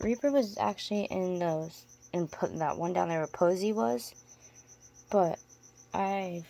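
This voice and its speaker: Rambling, gravelly-voiced woman vlogger. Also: on the low side, warm tone. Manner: rambling, chatty, coos baby talk to her spiders. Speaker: tarantula keeper vlogger. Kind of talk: casual chat to camera. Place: home room with spider enclosures. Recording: faint insect noise behind.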